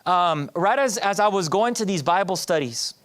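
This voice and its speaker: A man's voice: high-pitched, lively intonation, moderate pace, a bit bright. Man sharing a conversational church testimony. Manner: conversational, addresses the audience directly; hesitant restarts with fillers. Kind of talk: personal testimony to a church audience.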